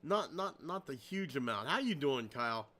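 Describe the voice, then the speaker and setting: A man's voice: mid-range voice, big pitch swings, moderate pace, bright, forceful tone. A man hosting a casual podcast at his home computer, cracking crude jokes and poking fun at himself. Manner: crude, joking, self-deprecating. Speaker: podcast host.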